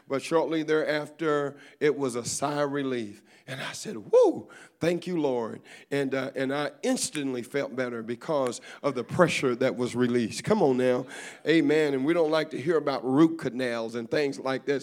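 A man preaching a sermon as bishop to a congregation, with call-and-response, "amen" after nearly every line, folksy humor and storytelling, and rising fervor. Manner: builds to loud, higher-pitched fervor. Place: church service before a congregation.

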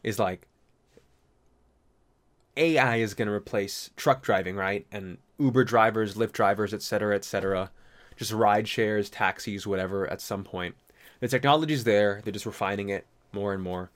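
A man's voice: on the low side, normal speed. A young man talking in a casual, rambling monologue. He swears often, uses slang, and breaks into mocking impressions. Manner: loose and profane, slangy, jumps into mocking impressions.

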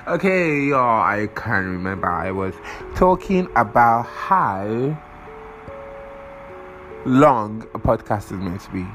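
A man's voice: on the low side, expressive, slow, pauses often, music in the background, rough recording. A young man hosting a podcast, rambling casually, swearing often and losing his train of thought while he has a cold. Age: young adult. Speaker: podcast host.

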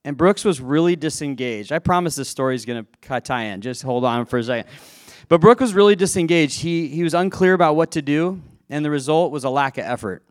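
A man's voice: mid-range voice, no room sound, studio quality. A man telling a self-deprecating personal story to a live audience, chatty, laughing at himself and restarting his sentences. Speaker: speaker addressing a live audience.

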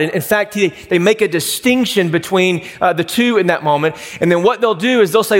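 A man preaching a sermon, explaining scripture earnestly and slowing down to stress key words. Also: high voice. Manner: earnest, explanatory preaching with emphatic slowed phrases. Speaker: pastor. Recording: reverberant hall.

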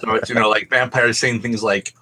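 A man's voice: mid-range voice, fairly even intonation, fairly quick, bright, forceful tone, husky. A man co-hosting a podcast, telling rambling anecdotes in casual chat and swearing freely. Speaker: podcast co-host.

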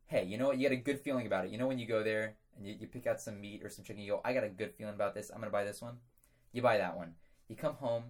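A man's voice: medium pitch, darkish tone. A young man co-hosting a podcast, delivering absurd jokes with a straight face. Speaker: podcast co-host. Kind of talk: comedic casual chat.

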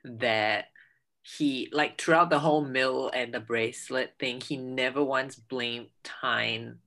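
Gravelly-voiced co-host chatting casually. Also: mid-range voice, fairly even intonation, slow, bright, forceful tone. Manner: thoughtful, laughs while talking. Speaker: podcast co-host. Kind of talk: casual chat.

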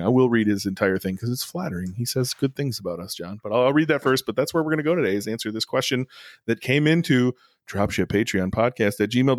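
A man's voice: mid-range voice, no echo. A man co-hosting a podcast in casual, rambling chat, speaking close to the mic. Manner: rambling, chatty, restarts a lot. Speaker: podcast co-host.

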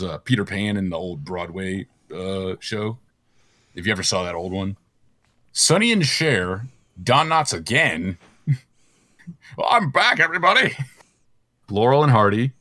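A man's voice: lowish voice, a bit bright, no echo. A man hosting a casual chat show, rambling through lists with fillers and laughs. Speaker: host.

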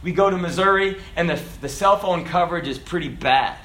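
A man delivers an energetic, folksy sermon with a high voice, breaking into laughs and shouts. He was recorded on a phone in an echoey room. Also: brisk. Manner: animated, folksy preaching with laughs and shouted lines. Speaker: preacher.

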